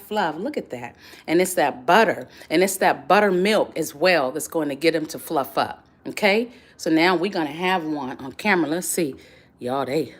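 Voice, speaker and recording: A woman hosting a home cooking video, chatting warmly with viewers and calling them y'all and baby. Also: on the low side. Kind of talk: casual cooking demonstration to viewers.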